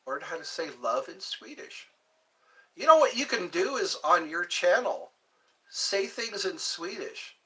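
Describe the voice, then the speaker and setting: Slow, lively, bright-voiced male streamer. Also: on the high side. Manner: rambling, chatting with viewers. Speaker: livestream host. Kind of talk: casual livestream chat.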